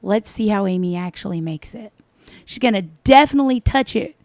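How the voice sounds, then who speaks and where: A woman's voice: medium pitch, animated, brisk, a little mellow, no echo, clean studio sound. A woman giving sarcastic, scolding reaction commentary over a cooking video. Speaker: commentator reacting to another vlogger.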